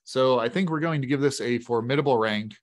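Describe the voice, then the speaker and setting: A man's voice: mid-range voice, brisk. A man narrating a solo tabletop game in a casual, conversational way. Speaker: game master playing solo.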